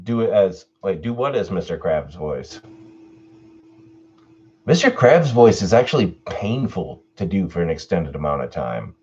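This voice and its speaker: A man with a lowish voice chats at an unhurried pace, swinging his pitch freely as he laughs his way through requests. He talks to his viewers in a relaxed, casual manner. The sound is dull and lo-fi, from a home mic. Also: husky. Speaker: YouTube horror story narrator. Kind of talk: casual Q&A chat.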